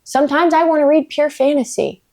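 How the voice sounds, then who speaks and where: A woman's voice: high-pitched, fairly even intonation, brisk, darkish tone. A woman book vlogger ranting casually, blunt and emphatic, swearing freely, with playful self-mocking asides. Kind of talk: casual vlog rant.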